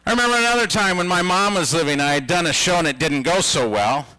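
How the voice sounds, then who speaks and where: A man in his fifties performing a stand-up comedy routine, telling stories with a playful, animated delivery. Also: a little high, quick pace, no room sound, rough recording. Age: 50s.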